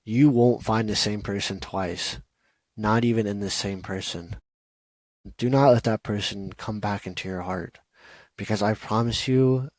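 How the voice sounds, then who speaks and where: A man with a fairly low voice talks straight into a close microphone in a dry room. He hosts a solo podcast and speaks earnestly, looping back with "you know" and "okay?" as he urges listeners to value themselves. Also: dry recording, rough recording. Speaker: podcast host. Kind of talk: solo podcast monologue, heartfelt advice.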